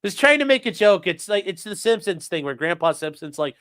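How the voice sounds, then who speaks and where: Young guy streaming, lawyer, swears a lot, reads chat, bright lively voice, dry close mic. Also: high-pitched, brisk, smooth, no room sound. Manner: rambling, profane, reads chat aloud. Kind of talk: casual live-stream chat.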